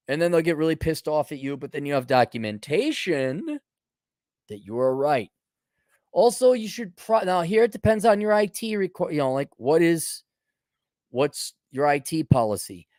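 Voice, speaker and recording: A man's voice: fairly high pitch, animated, moderate pace, a little mellow, no echo, studio quality. A man hosting a blunt, sarcastic advice monologue, with casual profanity. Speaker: host.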